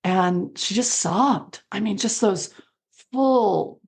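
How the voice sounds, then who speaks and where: Woman guest, middle pitch, animated storyteller who acts out quotes. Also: takes it slowly, gravelly. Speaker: interview guest. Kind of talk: storytelling in a conversational interview.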